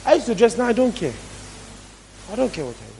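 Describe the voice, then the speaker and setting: A man's voice: high-pitched, very animated, quick pace, gravelly, mellow, slight background noise, poor audio. A man preaching a sermon as pastor, emphatic and repeating his key phrases for stress.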